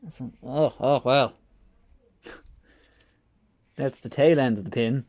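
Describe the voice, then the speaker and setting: Slow and darkish in tone, this mid-range male voice belongs to a motorcycle restoration vlogger muttering wryly to himself over a repair. The close mic catches his self-mocking workshop commentary with no room sound while his hands stay busy.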